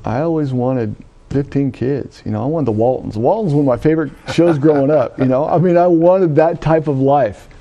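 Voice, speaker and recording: A middle-aged man from Louisiana, a Catholic priest, giving an animated personal testimony and acting out the voices he quotes. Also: fairly high pitch, moderate pace, muffled recording. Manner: animated storytelling, acts out quoted voices, frequent "right?". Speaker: Catholic priest telling his vocation story.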